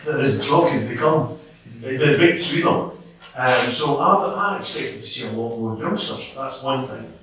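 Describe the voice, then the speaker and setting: A man's voice: mid-range voice, measured pace, background noise. A middle-aged man with a Scottish accent, speaking passionately at a public meeting, rambling and restarting as he tells his story. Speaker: audience member at a public meeting. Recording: echoey hall, distant mic.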